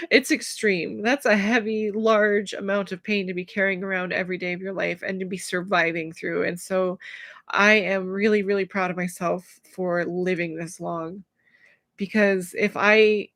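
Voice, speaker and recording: A woman talking to camera about her feelings in a personal vlog, emotional and searching for words, with many pauses and fillers. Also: mid-range voice, a bit bright, no room sound, studio quality. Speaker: vlogger.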